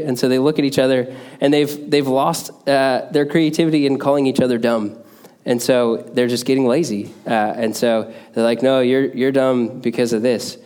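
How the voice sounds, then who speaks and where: Guy preaching a sermon, mid pitch, chatty, keeps saying uh. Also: a little mellow. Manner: conversational with frequent "uh" fillers.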